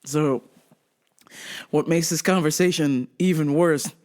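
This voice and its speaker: A woman's voice: low voice, steady tone, takes it slowly, darkish tone. A woman hosting a podcast, telling a story casually, laughing often and swearing freely. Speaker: podcast host.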